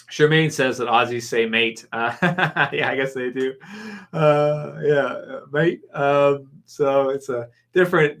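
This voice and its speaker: A man's voice: mid-range voice, bright, forceful tone. Chatty man hosting a live stream. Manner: rambling, friendly, many fillers and restarts. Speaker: YouTube channel host. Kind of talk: casual live-stream chat reading viewer comments.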